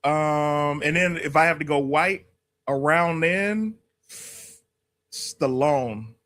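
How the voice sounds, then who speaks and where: A man co-hosting a casual movie talk show, joking and laughing loudly. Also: a little high, slow pace. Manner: animated, laughs loudly, jokey. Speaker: podcast co-host.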